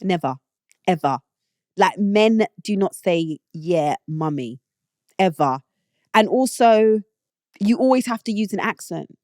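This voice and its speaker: A woman's voice: mid-range voice, animated, a little slow, pauses often, darkish tone, no room sound, studio quality. A British woman hosting her own show, giving blunt, opinionated takes in a casual monologue that rises to indignant outbursts. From Britain. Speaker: show host.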